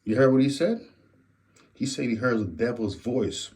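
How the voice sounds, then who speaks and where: A man's voice: mid-range voice, lively intonation, moderate pace, darkish tone. A man hosting a reaction commentary, repeating phrases and lecturing about street life. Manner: repetitive, preachy, says "believe it or not". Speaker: commentary host.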